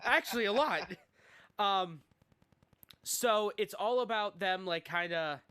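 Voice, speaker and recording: A man co-hosting a casual podcast, recapping a movie in an excitable, rambling way. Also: high-pitched, takes it slowly, pauses often, smooth. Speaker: podcast co-host. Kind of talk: casual chat.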